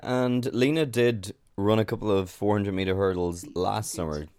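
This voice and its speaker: A man's voice: lowish voice, normal speed, darkish tone. A man hosting a casual athletics chat, chatty and enthusiastic. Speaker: podcast host.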